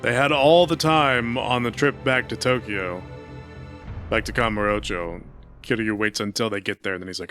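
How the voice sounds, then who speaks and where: A man's voice: fairly low pitch, steady tone, normal speed, fairly bright tone, faint music behind. A man streaming a game, reading its dialogue aloud and adding wry joking asides. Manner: wry, joking asides between read lines.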